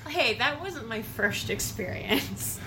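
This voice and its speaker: A woman's voice: fairly high pitch, lively intonation, takes it slowly, sharp tone, slight background noise, poor audio. A woman guest game master chatting on a podcast, laughing often and talking about her own habits. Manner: giggly, self-deprecating. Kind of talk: casual podcast chat.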